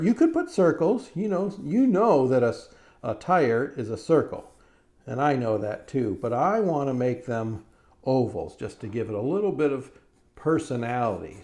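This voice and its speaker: A middle-aged cartoonist guides children through a step-by-step drawing lesson, friendly and encouraging, often checking in with "right?". He has a medium-pitched, slightly mellow voice.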